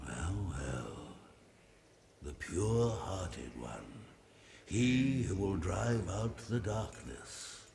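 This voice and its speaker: An actor voicing an ancient, wise male tree spirit who speaks slowly and solemnly in a game. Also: low-pitched, expressive, vocal fry, heavily acted. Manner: slow, solemn, drawn-out. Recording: game audio with loud ambient noise.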